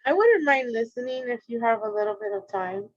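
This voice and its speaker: A woman's voice: a little high, animated, brisk, no echo. A woman hosting an interview, asking questions hesitantly and searching for words. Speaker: host. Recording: dry dull lo-fi recording.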